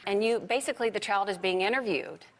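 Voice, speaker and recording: A woman's voice: mid-range voice, fast. A woman guest on a talk show, gushing about her young daughter's drawing.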